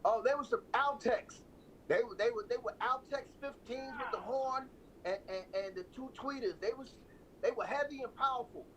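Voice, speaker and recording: A man, a guest record producer, telling stories in a relaxed, laid-back interview with easy laughter. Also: very high voice, moderate pace, a little hiss or hum, low-quality recording.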